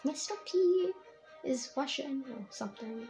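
A woman giving rambling, excitable let's-play commentary as a young YouTuber, laughing often. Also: fairly high pitch, fairly quick, vocal fry, soft background music. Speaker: gamer and YouTuber.

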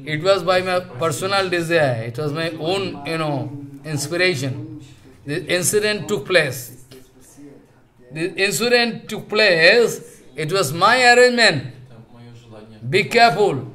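A man playing a calm divine Lord in a scripture story, measured and reassuring as he settles a dispute. The man's voice is on the high side. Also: rough recording. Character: calm male Supreme Lord reassuring sages.

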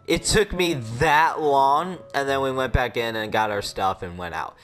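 A man's voice: medium pitch, normal speed, few pauses, fairly bright tone, faint music behind. A man hosting casual gameplay commentary who is crude, swears freely and rambles off into anecdotes. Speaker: gaming video host.

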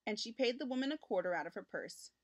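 A woman reading a children's picture book aloud, with expressive, lively storytelling for young listeners. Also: fairly high pitch, fast talker. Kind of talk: children's read-aloud narration.

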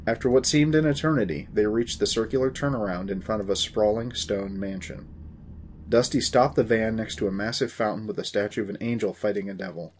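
A man's voice: fairly low pitch, a little hiss or hum. A man in his forties hosting a story podcast, reading the narration in a dry, wry manner.

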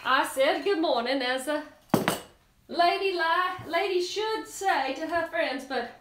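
A woman voicing a prim, gossipy female squash with a put-on Southern US accent, drawling slowly. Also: extremely high pitch, reverberant, noisy background, pitched above the performer's own voice.

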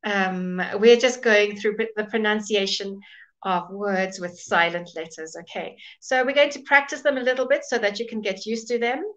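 A woman's voice: mid-range voice, steady tone, moderate pace, a bit bright, poor audio. A woman teaching a live online English pronunciation lesson, patiently modelling words and greeting viewers by name.

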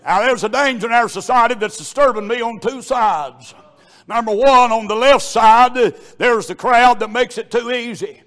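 A man delivers a revival sermon in a strikingly high voice. He preaches fervently, slowing on key phrases and rising to loud shouts.

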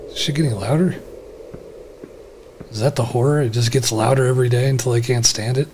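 A man giving casual let's-play commentary, talking to himself, laughing often, swearing and reacting loudly. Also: mid-range voice, steady tone, a little fast, a little hiss or hum. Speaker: gameplay commentator.

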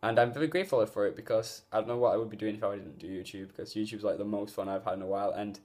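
A man's voice: lowish voice, fairly even intonation, rapid-fire, darkish tone. A man talking casually to camera in a vlog, rambling and earnest with lots of fillers, recorded on a phone. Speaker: gaming YouTuber. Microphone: phone mic.

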